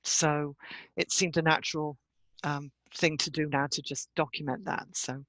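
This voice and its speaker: Woman, middle-aged, guest in an interview, measured and articulate, bright tone. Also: low voice, fairly even intonation, dry recording, low-quality recording. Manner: articulate, measured, laughs easily. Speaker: guest, trainer and consultant. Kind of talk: interview answers.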